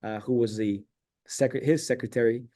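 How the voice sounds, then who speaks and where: Man, middle-aged, guest storyteller, mellow and warm tone, rambling and animated. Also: medium pitch, normal speed. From San Diego, California. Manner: rambling, animated storyteller who acts out quoted dialogue. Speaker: interview guest. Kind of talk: casual storytelling interview.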